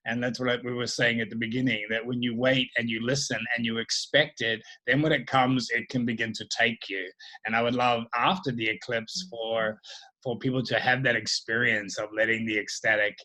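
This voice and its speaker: Man, host of a spiritual dialogue; bright, forceful tone; contemplative, unhurried delivery. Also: mid-range voice, level tone, rough recording. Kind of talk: reflective spiritual conversation.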